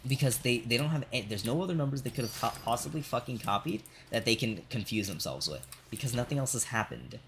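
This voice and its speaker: A man's voice: medium pitch, expressive, fast, few pauses, background noise. A male streamer venting about work while playing a game, swearing a lot and tagging sentences with "right?". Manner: profane ranting, constant "right?".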